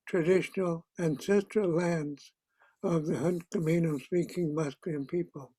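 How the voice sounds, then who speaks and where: An older man, an elder, giving a formal ceremonial welcome in a slow, measured way with pauses, on a video call. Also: high voice, fairly even intonation, dark tone, no room sound. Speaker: elder giving land acknowledgement.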